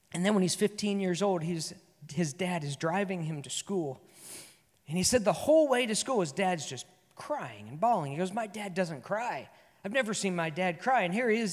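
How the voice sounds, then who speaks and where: A man preaching a sermon as pastor, telling a story earnestly and moving between loud and soft delivery. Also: high-pitched, long reverb tail. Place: church sanctuary.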